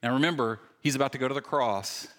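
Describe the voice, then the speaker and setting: On a church stage, a man with a mid-range voice preaches, his delivery animated as it swings from punchy jokes to earnest, hushed moments. He's quick to make himself the butt of the joke. A large hall adds a long, ringing reverb behind each phrase.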